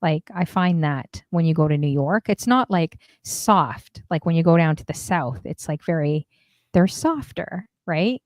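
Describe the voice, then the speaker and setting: A woman co-hosting a casual dating talk stream, chatting and telling stories in an animated way. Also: low voice, unhurried, no echo, studio quality. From half Indian. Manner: chatty, animated storytelling with laughs. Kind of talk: casual chat.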